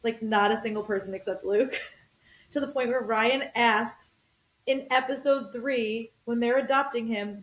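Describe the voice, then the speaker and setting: A woman in her thirties talking casually as a podcast host, ranting with quick asides. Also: a little high. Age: 30s. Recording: roomy echo.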